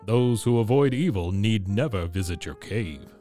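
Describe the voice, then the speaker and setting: A man voicing a kindly, gentle old Santa Claus in a storybook reading, speaking slowly and heartily. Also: fairly low pitch, lively intonation, soft background music, lightly acted. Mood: cheerful.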